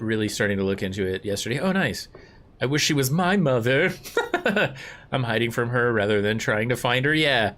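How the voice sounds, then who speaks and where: A man's voice: mid-range voice, fairly bright tone. A man casually commentating a story game live, chatting with viewers and giggling at his own slips. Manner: chatty, rambling, giggly asides to chat. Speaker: streamer.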